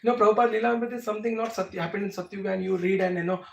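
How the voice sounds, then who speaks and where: Indian guy teaching a devotional class, fairly high voice, pushy rhetorical questions, echoey room, mic far off. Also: steady tone, racing, creaky, hardly any pauses. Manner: emphatic, rhetorical questions, laughs often.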